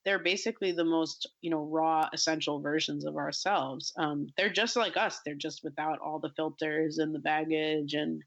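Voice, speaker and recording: A woman interviewed as a guest writer, speaking thoughtfully and hesitantly with many pauses and restarts. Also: low voice, steady tone, dull audio. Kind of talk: casual interview chat.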